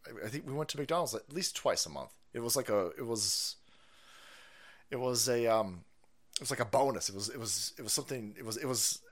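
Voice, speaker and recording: A man's voice: medium pitch, a little fast. A man hosting a livestream, ranting profanely about politics and reading out chat messages, often repeating himself. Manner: foul-mouthed, animated, repeats himself, reads chat aloud. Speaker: livestream host.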